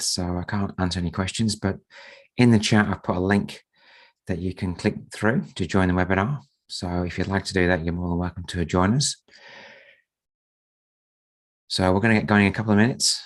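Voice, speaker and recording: A man hosting a live trading webinar, croaky from a sore throat and speaking softly to save his voice. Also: low-pitched, steady tone, moderate pace. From Australia. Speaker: market strategist and trading mentor.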